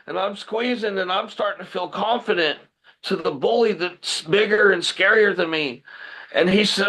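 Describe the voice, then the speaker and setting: A man, a guest pro wrestler, telling a personal story in animated podcast chat and acting out the dialogue. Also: high-pitched, moderate pace, rough recording. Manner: vivid retelling that acts out the dialogue.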